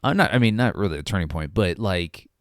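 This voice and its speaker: A man co-hosting a podcast, talking about a film in a halting way, full of restarts and ums. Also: sits low, expressive, dry recording, clean studio sound. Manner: hesitant, many restarts and ums. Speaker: podcast co-host. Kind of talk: casual movie review chat.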